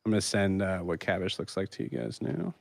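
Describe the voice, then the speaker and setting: A man running a tabletop role-playing game as game master, narrating with many pauses and restarts. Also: deep voice, animated, vocal fry, dry recording. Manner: halting, many ums and restarts.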